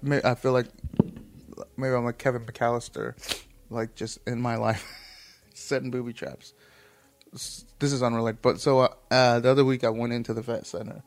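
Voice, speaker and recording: A man talks in a casual, unscripted monologue at an ordinary middle pitch. He rambles, swears freely and often stops mid-phrase to restart. He chuckles through the telling.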